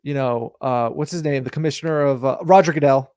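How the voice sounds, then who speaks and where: A man's voice: mid-range voice, fairly quick, darkish tone, no room sound, studio quality. A man hosting a sports talk show, pressing his point insistently and building long analogies in casual debate.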